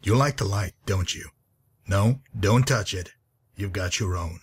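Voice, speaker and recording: A man voicing a gruff, grizzled wasteland guide in a video game, with a husky, dry and weary delivery. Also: on the low side, unhurried. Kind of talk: game character dialogue.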